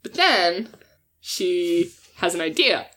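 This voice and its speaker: A woman's voice: lowish voice, expressive, slow, bright, forceful tone. A woman playing a tabletop game, thoughtfully describing what her character does. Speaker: player.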